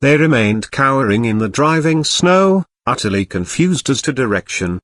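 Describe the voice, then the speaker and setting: A text-to-speech male voice narrating an audiobook, with even, mechanical reading and odd stresses. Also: mid-range voice, moderate pace, no room sound, clean studio sound.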